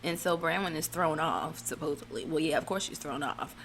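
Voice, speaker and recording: A woman's voice: deep voice, a little fast, a bit bright, a little hiss or hum. A woman giving casual, blunt and profane reality TV recap commentary, rambling with fillers and restarts.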